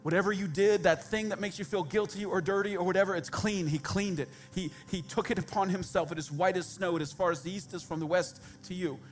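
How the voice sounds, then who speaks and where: Brief: male pastor, higher-pitched voice, casual direct sermon delivery with jokes, soft music underneath. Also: steady tone, fairly quick, few pauses. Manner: conversational, direct, humorous asides to the congregation.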